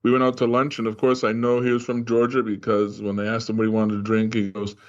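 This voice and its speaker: A man's voice: fairly low pitch, monotone, fast. Chatty Boston man on a dull remote line. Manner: chatty, storytelling. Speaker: podcast co-host, trainer. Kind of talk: casual podcast chat.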